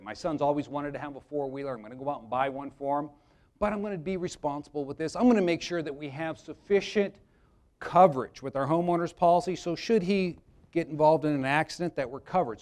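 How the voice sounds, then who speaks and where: A man presenting a live workshop, talking conversationally to the audience and telling jokey anecdotes about insurance. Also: high-pitched. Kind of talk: live seminar talk with anecdotes.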